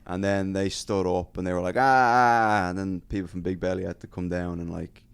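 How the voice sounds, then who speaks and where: A man telling a lively stand-up story in casual podcast chat, acting out crowd voices and swearing freely. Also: deep voice, brisk, gravelly, clear, resonant tone.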